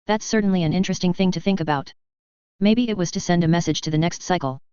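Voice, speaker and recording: A woman reading a cold, calculating male alien commander who muses out loud in a cool tone. The voice is low and smooth, and the sound is dull and dry. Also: fast, no echo, close to an everyday voice. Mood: musing. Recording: dull, muffled dry recording.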